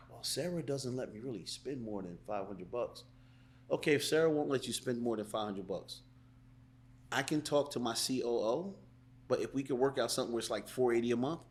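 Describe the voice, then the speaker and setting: A man in a mid-range voice talks as a guest on a casual podcast. He explains his sales tactics by voicing both the customer and the salesperson. His delivery is animated and conversational. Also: medium pitch. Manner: animated, acts out sales calls in different voices. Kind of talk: casual interview chat.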